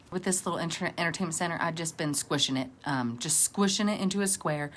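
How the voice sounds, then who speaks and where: Woman, crafting vlog narration, rambling, self-deprecating, lowish pitch. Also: quick pace, hardly any pauses, a bit bright. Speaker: crafting vlogger. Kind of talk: casual crafting tutorial narration.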